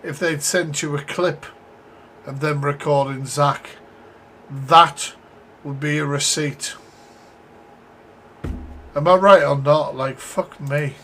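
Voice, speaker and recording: Blunt, swearing live-stream reaction host. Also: male voice, fairly high pitch, fairly even intonation, takes it slowly, pauses often, a bit bright, a little hiss or hum. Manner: blunt, swears freely, talks to chat.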